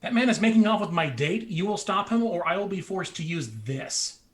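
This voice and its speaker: A man's voice: high voice, moderate pace, husky, pitched above the performer's own voice. A man voicing an indignant gnome in a tabletop game, giving commands in a huffy tone.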